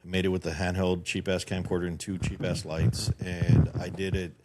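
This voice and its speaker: A middle-aged man, a podcast guest and filmmaker, chatting casually and telling a story in an animated, profanity-laced way. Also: sits low, moderate pace, background noise.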